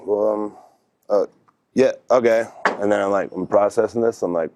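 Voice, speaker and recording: A man's voice: deep voice, steady tone, normal speed, darkish tone. A young man, a podcast guest, telling a story in a laid-back, rambling way with lots of fillers. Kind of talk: casual storytelling.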